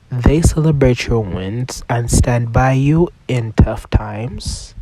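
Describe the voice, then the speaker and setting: A man's voice: medium pitch, slow, few pauses, dark tone, slight background noise, rough recording. A man hosting a solo self-help podcast with a cold, talking casually, swearing freely and sometimes dropping into a whisper. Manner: casual, swears often, loose and chatty. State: has a cold, voice rough. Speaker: podcast host.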